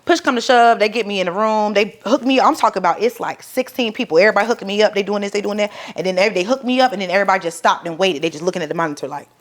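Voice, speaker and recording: A young woman, telling a personal story to the camera in a profane, animated way and acting out the people in it. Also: mid-range voice, racing, few pauses. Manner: profane, animated, dramatic re-enactments. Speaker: vlogger. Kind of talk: storytelling vlog.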